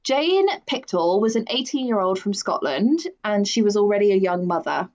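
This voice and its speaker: A chatty woman co-hosting a true crime podcast, loose and conversational. Her pitch is middling, and the sound is a little dull and lo-fi. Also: lively intonation, moderate pace, darkish tone. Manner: chatty, with frequent fillers and laughs. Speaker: podcast co-host.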